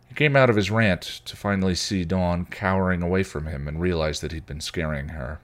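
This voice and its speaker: A man, a podcast host, reading fan fiction aloud in an expressive storytelling way. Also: deep voice, brisk, hardly any pauses.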